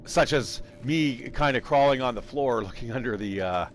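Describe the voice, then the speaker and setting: A man's voice: medium pitch, moderate pace, slight background noise. A man casually commentating his game live, rambling, thinking aloud and swearing freely. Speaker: game streamer.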